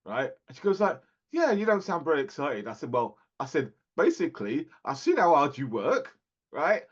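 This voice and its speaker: Animated man, lively pitch. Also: normal speed, slightly rough, dull audio. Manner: animated, laughs often, restarts sentences. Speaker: podcast co-host. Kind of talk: casual chat.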